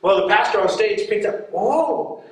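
Lively preacher guy telling stories, laughs a lot, big echoey church sound. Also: sits high, brisk. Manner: lively, laughing often, acting out voices. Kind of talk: storytelling sermon. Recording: echoey hall, mic far off.

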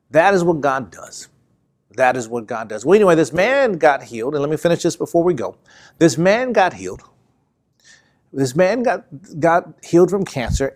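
Man, preacher, sermon, emphatic and repetitive, fairly high voice. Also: darkish tone.

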